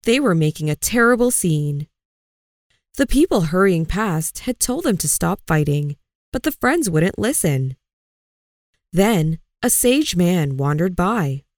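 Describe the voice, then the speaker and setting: A woman narrating a folk tale in a slow, expressive storybook style. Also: fairly low pitch, dry recording, studio quality. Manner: slow, expressive, clearly paced.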